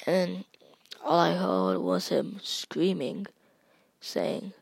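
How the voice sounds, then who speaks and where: A woman narrating a spooky first-person story, slow and halting, sometimes dropping to a whisper. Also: fairly low pitch, vocal fry, husky, dry recording.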